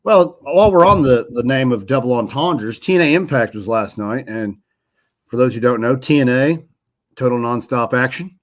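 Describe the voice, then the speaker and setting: A man's voice: medium pitch, moderate pace. A man co-hosting a casual podcast, rambling and correcting himself as he recaps wrestling results. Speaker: podcast co-host. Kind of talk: casual chat about wrestling.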